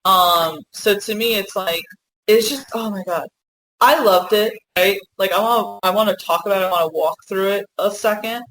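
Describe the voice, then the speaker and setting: A woman co-hosting a fan podcast, talking in an excited, rambling way and swearing freely in a casual discussion. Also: mid-range voice, normal speed, poor audio. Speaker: podcast co-host.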